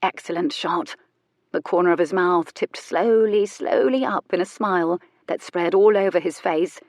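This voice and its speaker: Low-voiced woman narrating an audiobook. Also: darkish tone, dry recording.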